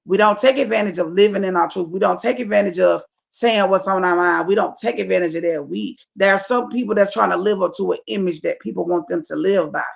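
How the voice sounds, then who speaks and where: A woman comedian chatting as a podcast guest, with a gravelly, rough edge to her voice. She talks in a blunt, emphatic and profane way, leaning on repeated phrases and checking whether you follow her. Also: medium pitch, fairly quick, hardly any pauses. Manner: profane, emphatic, keeps asking "you feel me". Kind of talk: casual podcast chat.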